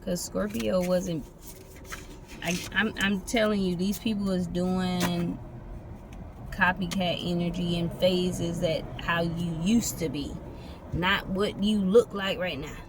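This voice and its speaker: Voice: medium pitch, steady tone, slow. A tarot reader giving a loose, casual reading, free-associating from one image to the next with plenty of profanity. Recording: noisy background with vehicle sounds.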